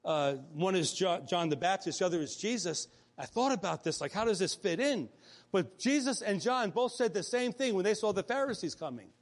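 A man with a high-pitched voice preaches a morning sermon. He talks in a relaxed, conversational way, restarting phrases and slipping into quoted dialogue. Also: a little fast. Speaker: pastor.

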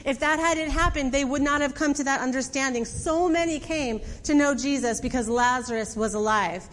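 High-voiced woman preaching in a hall. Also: moderate pace, a little hiss or hum. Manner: conversational, fillers and acted quotes. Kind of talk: sermon storytelling. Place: church hall.

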